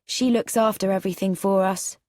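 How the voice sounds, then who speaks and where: A woman voicing a fussy, proper young wife, brisk and a little snobbish. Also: mid-range voice, steady tone, darkish tone, no room sound, studio quality, lightly acted. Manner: brisk, slightly breathless, snobbish.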